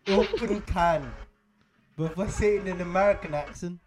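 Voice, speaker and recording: A man's voice: sits high, racing, background noise. A man hosting a casual podcast, joking around and swearing freely. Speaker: podcast host. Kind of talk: casual chat.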